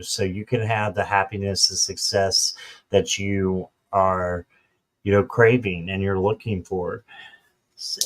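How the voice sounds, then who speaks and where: A man giving a casual tarot card reading, relaxed and hesitant, with many fillers. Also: fairly low pitch.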